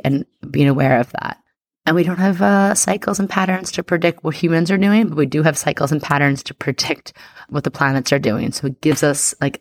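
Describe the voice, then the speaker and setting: A woman's voice: low-pitched, no room sound, clean studio sound. Rambling earnest woman podcast host. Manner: rambling, earnest, restarts and trails off; upbeat and affirming toward listeners. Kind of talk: casual solo podcast talk.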